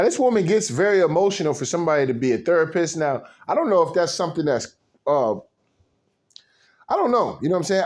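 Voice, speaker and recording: A man's voice: fairly high pitch, darkish tone. A man hosting a casual reaction commentary, rambling and profane, with many fillers. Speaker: commentary channel host.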